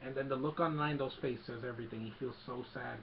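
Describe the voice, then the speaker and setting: A man's voice: mid-range voice, steady tone, quick pace, vocal fry, dull audio, background noise. A man casually retelling a movie scene by scene, rambling with many fillers. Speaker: film recap vlogger.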